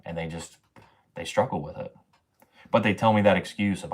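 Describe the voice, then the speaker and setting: A man in his twenties with a low-pitched voice hosts a casual livestream, speaking a little fast but with long pauses. He talks to chat in a slangy, profane way, tagging sentences with "bro" and "man."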